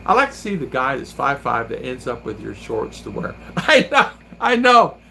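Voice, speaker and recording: A man's voice: mid-range voice, sing-song, moderate pace, vocal fry, sharp tone, a little hiss or hum. A man hosting a vlog, chatting casually and telling rambling stories while laughing often. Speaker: vlogger and host. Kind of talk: casual chat.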